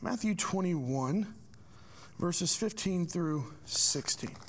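Male pastor, higher-pitched voice, preaching with emphatic rhetorical questions. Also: expressive, slow, slight background noise. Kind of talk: sermon.

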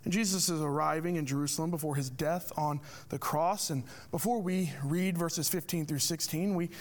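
High-voiced man preaching a sermon. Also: normal speed. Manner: rhetorical questions, emphatic preaching. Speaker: pastor.

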